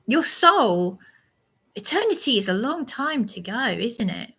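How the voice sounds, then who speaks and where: A woman rambling through a live monologue, preaching and sounding aggrieved as she answers a commenter in a slow, halting way. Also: fairly high pitch, big pitch swings, vocal fry, a bit bright, husky.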